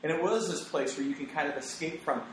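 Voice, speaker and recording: A man hosting a casual podcast chat, giving animated, opinionated takes with quoted asides. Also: a little high, fast talker, a little hiss or hum. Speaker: podcast host. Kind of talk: casual conversational podcast talk. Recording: very echoey room.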